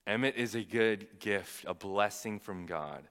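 A young man preaching a sermon, telling a personal story in an animated, fast-rising way when excited. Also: lowish voice, clean tone. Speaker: pastor. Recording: long hall reverb.

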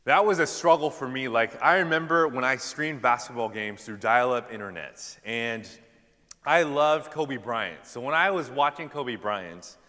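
A man's voice: mid-range voice, a little slow. Young male preacher in an echoing hall. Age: young adult. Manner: animated storytelling, loud punchlines, casual fillers. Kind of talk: sermon with personal stories.

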